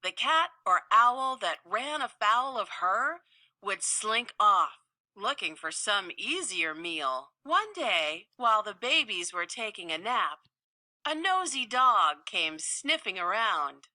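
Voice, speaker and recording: Female storybook narrator, slow and lively, very bright voice, dry close sound. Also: mid-range voice, no room sound. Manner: slow, expressive, playful delivery. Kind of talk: storybook read-aloud.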